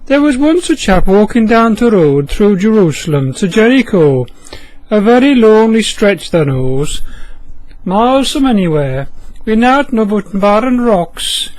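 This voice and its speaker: A man's voice: high-pitched, sing-song, measured pace, darkish tone, dry recording, rough recording. A man with a Yorkshire accent voicing Jesus as a homely, plain-spoken countryman in a told story. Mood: kindly. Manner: homely, calls people lad.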